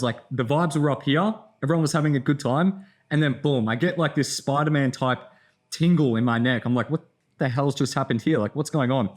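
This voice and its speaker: A tired young man in a casual vlog, telling a rambling story with lots of fillers and swearing. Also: a little high. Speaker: content creator.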